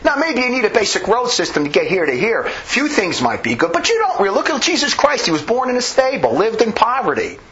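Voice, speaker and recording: A man's voice: high-pitched, wildly swooping pitch, a little fast, few pauses, a bit bright. A man preaching an impassioned sermon, emphatic and rambling, often restarting his sentences. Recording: dull lo-fi recording.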